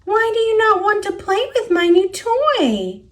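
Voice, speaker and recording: A woman with an American accent voicing an excitable, emotional little female pig in a picture book read-aloud. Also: very high voice, pitched above the performer's own voice, full character voice. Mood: coaxing. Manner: big swoops from shrieks to wails, drawn-out.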